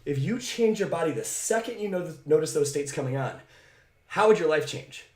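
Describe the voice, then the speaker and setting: A man coaching on mindset, talking straight to camera in an energetic, emphatic and direct way, often tagging his points with "right?". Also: on the high side, moderate pace, echoey room. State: out of breath. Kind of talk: motivational talk to camera. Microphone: camera mic.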